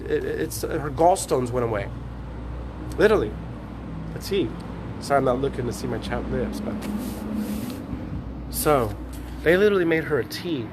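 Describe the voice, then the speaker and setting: A man ranting in a rambling, profane, preachy vlog monologue, talking excitedly to his phone camera. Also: on the high side, noisy background. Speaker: vlogger. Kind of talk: rambling selfie-video monologue. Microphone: phone on a tripod.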